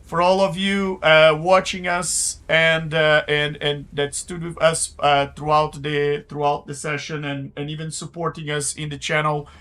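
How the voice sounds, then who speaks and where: A man running a live-play tabletop game as game master, narrating haltingly with many filler sounds. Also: fairly high pitch, level tone, pushed and bright.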